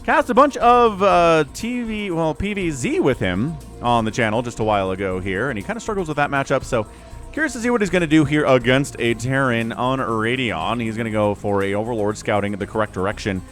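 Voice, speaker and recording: A man's voice: medium pitch, expressive, a little fast, a bit bright, faint music behind. A man casting a strategy game match on his own, chatty and rambling, often correcting himself mid-sentence. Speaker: game caster. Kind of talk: solo esports commentary.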